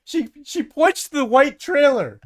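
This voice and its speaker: A podcast host tells a story in an animated way, swearing freely and voicing each person in it. The pitch rises and falls a lot. The recording is dry and close. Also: unhurried, no room sound. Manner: animated, profane, acts out the people in the story; stammering restarts. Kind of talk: casual storytelling.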